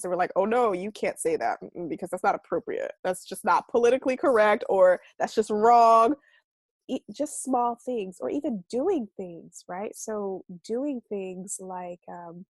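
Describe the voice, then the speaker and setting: Animated woman coaching in a dry room. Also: medium pitch, no echo. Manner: animated and expressive, acting out quoted voices; casual speech with mild swearing. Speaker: self-love coach leading a class. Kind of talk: casual conversational teaching.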